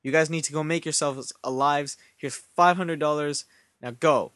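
A man's voice: on the high side, fairly even intonation, moderate pace, a bit bright, dry recording, close to an everyday voice. A man voicing an annoyed mother who scolds her thirty-year-old sons. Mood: scolding.

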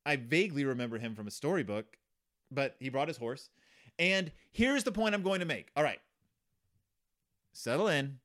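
A man's voice: mid-range voice, lively intonation, normal speed, pauses often, fairly bright tone. A man hosting a podcast, riffing sarcastically on a children's book in a rambling way, full of fillers and restarts. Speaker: podcast host. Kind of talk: comedic book commentary.

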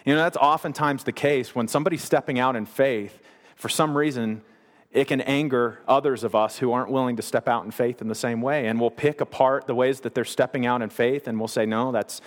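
A man preaching a sermon, retelling scripture in a conversational way with paraphrased asides. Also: mid-range voice. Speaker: pastor. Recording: long reverb of a large hall.

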